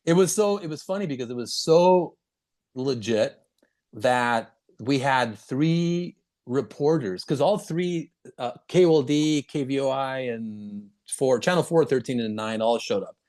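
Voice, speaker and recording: A man hosting a casual interview, talking in a halting way with many restarts and quick laughs. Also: mid-range voice, darkish tone. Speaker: podcast host.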